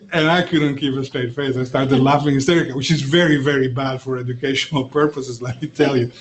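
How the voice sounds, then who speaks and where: Lecturing man, slightly high voice. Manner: frequent "okay?" and "right?" checks, many filler uhs. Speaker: university lecturer. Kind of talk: classroom lecture.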